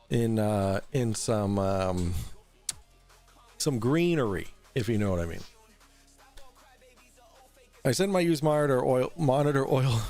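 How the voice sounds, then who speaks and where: A man's voice: mid-range voice, a little mellow. A man runs a casual livestream show, reading viewer super chats aloud. He rambles, restarts his sentences, swears freely and breaks into laughter often. Faint music plays in the background. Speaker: livestream talk show host.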